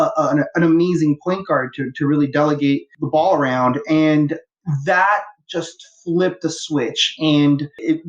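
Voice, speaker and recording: A man from Los Angeles in his thirties talks as a podcast guest, eager and rambling, often restarting his sentences. His voice sits a little high. The audio is dull and lo-fi. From Los Angeles, USA. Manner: enthusiastic, rambling, frequent fillers and restarts. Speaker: guest, fan. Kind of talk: casual podcast interview.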